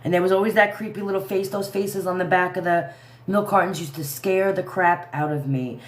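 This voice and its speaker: A woman's voice: fairly low pitch, fairly even intonation, fairly quick, reverberant. A woman in her thirties hosting a casual livestream, talking to her viewers in an indignant, rambling way. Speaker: livestream commentary host.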